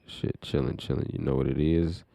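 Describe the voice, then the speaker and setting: Deep-voiced laid-back man. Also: steady tone, brisk, creaky, mellow, no room sound. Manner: laid-back, slangy, short agreeing replies. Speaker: co-host. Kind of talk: casual chat.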